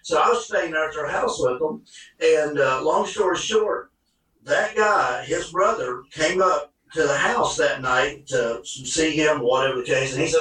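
A man telling a hunting story in a folksy, animated way, recorded in an echoey room with the mic at a distance. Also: a little high, normal speed. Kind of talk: casual storytelling.

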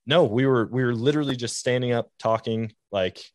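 A man's voice: medium pitch, brisk, a little mellow, no room sound. A man hosting a podcast, telling casual, rambling hunting anecdotes full of "like" fillers. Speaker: podcast host. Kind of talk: casual storytelling chat.

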